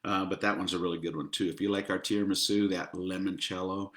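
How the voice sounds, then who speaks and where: A middle-aged man chats casually about his restaurant's dishes, laughing at his own puns. His voice sits a little low but sounds bright and forceful. The room around him is echoey. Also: flat delivery, quick pace. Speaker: restaurant owner promoting the menu. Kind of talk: casual chat.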